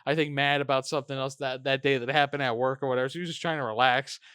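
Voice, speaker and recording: A man's voice: mid-range voice, fairly even intonation, racing, fairly bright tone, clean tone, no echo, clean studio sound. A young man co-hosting a casual podcast, telling stories and swearing freely. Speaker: podcast co-host. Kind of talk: casual storytelling chat.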